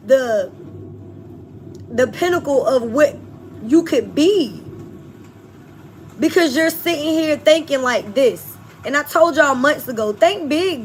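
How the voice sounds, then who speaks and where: Woman, tarot reader, fairly high voice, blunt and emphatic, swears, talks straight to "y'all". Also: slight background noise, rough recording. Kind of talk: collective tarot reading to viewers.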